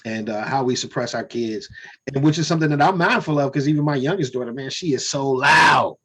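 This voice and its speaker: A man's voice: mid-range voice, fairly quick, fairly bright tone, breathy edge. A man in a casual group conversation, talking reflectively and peppering his speech with "you know" and "man". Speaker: discussion participant.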